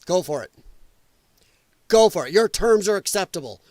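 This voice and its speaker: A high-pitched man rants through a political stream in a dry, close recording. He is profane and sarcastic, and he mocks the people he argues with in whiny put-on voices. The tone stays combative throughout. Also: expressive, moderate pace, darkish tone, no echo. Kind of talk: casual ranting commentary.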